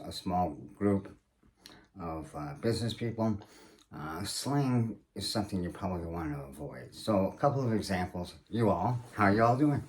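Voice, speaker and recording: A man hosting his video channel, giving casual instructional advice in a measured way, pausing often with fillers. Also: sits low, darkish tone. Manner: measured, hesitant with frequent fillers. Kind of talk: casual instructional talk to camera.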